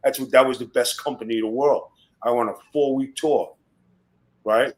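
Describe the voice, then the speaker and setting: A middle-aged man, a guest on a podcast, telling wrestling stories in rough, swearing-heavy casual talk. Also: mid-range voice, steady tone, moderate pace, low-quality recording. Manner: profane, boastful storytelling.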